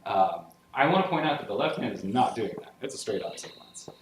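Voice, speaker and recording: A man lecturing on music theory in a classroom has a voice on the low side and talks fairly quickly over a noisy background. Enthusiastic and energetic about the music, he uses solfege syllables to explain passages step by step and keeps checking with his listeners. Clear piano plays in a roomy, echoing space.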